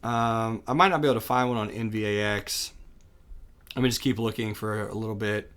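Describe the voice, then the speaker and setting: A man's voice: on the low side, steady tone, brisk, fairly bright tone, clean tone. Chatty man teaching off a chart. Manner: casual, chatty, thinking aloud with fillers and self-corrections. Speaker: day trading teacher. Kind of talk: screen-share chart lesson.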